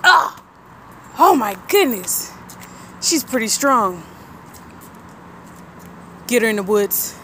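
A woman's voice: a little high, slow, long pauses, slight background noise. A mother filming her child outdoors for a family vlog, teasing and talking playfully to her viewers. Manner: animated, teasing, talks to viewers. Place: outdoors near woods.

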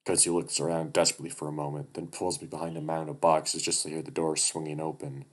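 A man with an extremely deep voice reads a first-person story aloud. His narration is quiet and steady, with the words kept even and unhurried.

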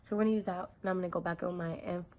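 A woman's voice: lowish voice, steady tone, rapid-fire, darkish tone. A young woman talking casually through a makeup tutorial in a chatty, filler-heavy way, with some swearing. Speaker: beauty vlogger.

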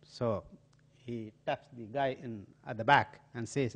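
An older man from India with an Indian accent, a diplomat telling anecdotes in a lecture in an auditorium, with some pauses and hesitations. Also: mid-range voice, fairly even intonation. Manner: storytelling with acted quotes and pauses, some filler hesitations. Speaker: diplomat giving a talk.

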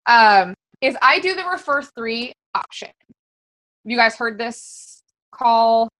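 A woman's voice: a little high, lively intonation, slow pace, fairly bright tone, dry recording, low-quality recording. A woman coaching fellow fitness coaches in a casual, very conversational way, full of fillers. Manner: very conversational, chatty with many fillers.

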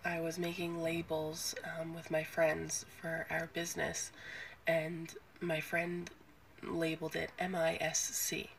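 Woman, low-ish, creaky, slow, giggly storyteller, noisy recording. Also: monotone. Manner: giggly, self-amused. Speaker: social media storyteller. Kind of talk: casual storytelling.

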